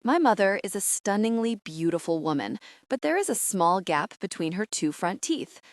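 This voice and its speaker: A woman giving wry, expressive first-person narration of a romance audiobook. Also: mid-range voice, moderate pace, no room sound, studio quality.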